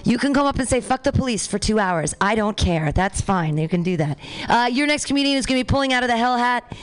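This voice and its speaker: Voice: mid-range voice, lively intonation, quick pace, clean tone. An open mic host on a radio station, introducing comedians with loose, offhand banter. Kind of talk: emcee introductions.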